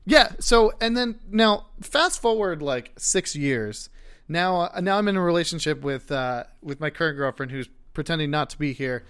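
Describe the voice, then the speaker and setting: A man's voice: a little high, lively intonation, normal speed, fairly bright tone, clean tone. A man in his late twenties, a podcast guest telling a rambling, self-deprecating story in casual chat.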